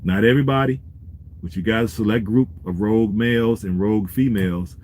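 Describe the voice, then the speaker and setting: A man's voice: lowish voice, brisk, darkish tone, a little hiss or hum. A man vlogging in a laid-back, street-wise way, talking to his viewers and giving business advice. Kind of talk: casual talk to camera.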